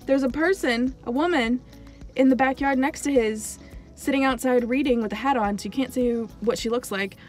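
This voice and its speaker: A woman's voice: sits high, moderate pace, a little mellow, faint music behind. A young woman giving a casual, chatty spoiler recap of a TV series, full of "like" and dramatic asides. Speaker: TV show reviewer.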